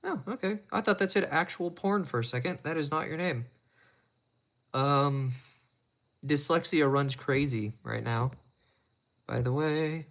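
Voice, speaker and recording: A man's voice: fairly high pitch, unhurried, long pauses, a bit bright. A man chatting casually on a live stream while he repairs watches at his bench, rambling and making crude, self-mocking jokes.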